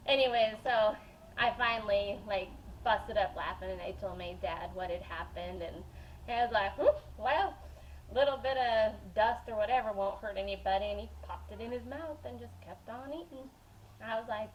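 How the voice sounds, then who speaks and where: A woman talks casually and rambles a little as she bakes in her home kitchen. Her voice sits at an ordinary middle pitch and bounces around a hard, echoey room. A faint hum runs underneath. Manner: chatty, rambling, laughs while telling stories. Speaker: home cooking vlogger. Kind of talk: casual storytelling while baking.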